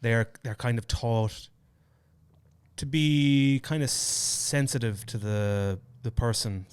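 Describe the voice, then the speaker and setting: A man's voice: medium pitch, slow, a little mellow, smooth. A young Irish man co-hosting a podcast, chatting loosely and swearing freely. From Ireland. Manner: loose, profane storytelling. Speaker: podcast co-host. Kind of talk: casual chat.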